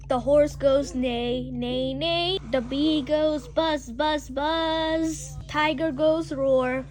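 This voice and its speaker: A woman with a bright, high voice sings a children's animal-sounds rhyme at an unhurried, careful pace. She imitates each animal in a sing-song way. Soft backing music plays quietly beneath her. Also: fairly even intonation. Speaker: nursery rhyme singer.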